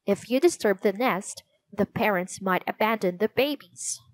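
A woman's voice: mid-range voice, moderate pace, lightly acted. Woman reading as an earnest falcon-loving boy. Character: eager boy who loves falcons.

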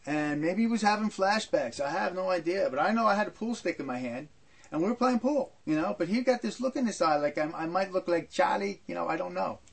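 High-voiced older man telling stories. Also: expressive, a little fast, gravelly, husky. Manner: rambling, repetitive, frequent asides. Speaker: storyteller. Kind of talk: personal storytelling.

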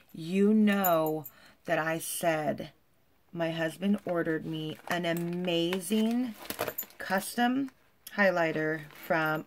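Gushing, chatty woman vlogger, slightly low voice. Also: slight background noise. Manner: chatty and gushing, full of "like" and "you guys". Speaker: lifestyle vlogger. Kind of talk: casual chat to camera. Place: at home.

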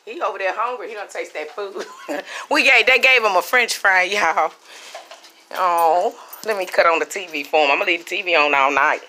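A woman's voice: lowish voice, normal speed, sharp tone. A middle-aged woman, chatting casually to her viewers at home. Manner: chatty, talks to viewers as y'all. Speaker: vlogger. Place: living room at home.

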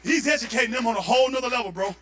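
A man preaching a fervent Pentecostal sermon, rising into shouted, impassioned delivery. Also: very high-pitched, racing. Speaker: pastor. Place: church sanctuary.

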